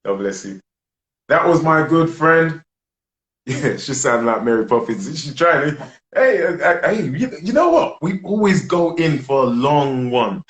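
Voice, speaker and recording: A man's voice: fairly high pitch, very animated, measured pace, a bit bright, echoey room. A man hosting a casual live chat over a video call, exuberant and prone to repeating himself. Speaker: host.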